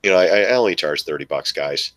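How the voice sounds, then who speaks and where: A man hosting a casual live stream about stock trading, rambling with repeated words and restarts, sometimes yelling in a mocking high voice. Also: animated, quick pace, dry recording. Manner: mocks frustrated traders in a shrill yelling voice.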